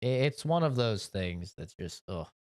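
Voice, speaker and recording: A man talking off the cuff to his chat while he plays, his pitch sitting in an ordinary middle range. He rambles, circles back on his points and fills pauses with "you know". He gets blunt and curses when the game trips him up. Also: very animated, a little mellow. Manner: rambling and opinionated, fillers like "you know", swears. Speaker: game streamer.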